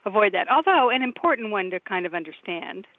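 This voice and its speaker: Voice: medium pitch, sing-song, a little fast, dry recording. A guest columnist calls in to a radio show and talks things through thoughtfully, with many hedges and fillers. The voice comes over a tinny, phone-like line with a dry sound. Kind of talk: casual radio conversation.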